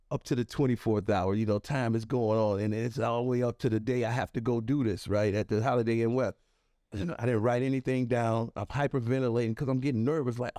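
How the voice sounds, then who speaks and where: A man telling a personal story as a podcast guest, animated and conversational, with plenty of "you know" and "right", close on a podcast microphone. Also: no room sound. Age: adult. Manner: animated, acts out quoted voices with sharp pitch jumps.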